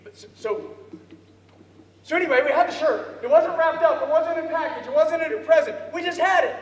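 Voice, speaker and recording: A man with a strikingly high voice spins a lively story, acting out voices and breaking into laughter. He is heard from a distance in a large, echoing hall, with a faint murmur behind him. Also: brisk. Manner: animated, acts out voices, laughs often. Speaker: storyteller speaker. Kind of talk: storytelling speech. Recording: echoey hall from far off.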